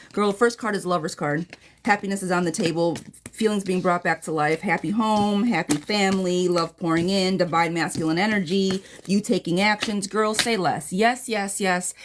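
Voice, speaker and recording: A woman with a fairly low voice, a little hiss or hum in the background, reads tarot in a casual live-stream replay. She answers viewers' questions bluntly and chattily, calling them girl and friend.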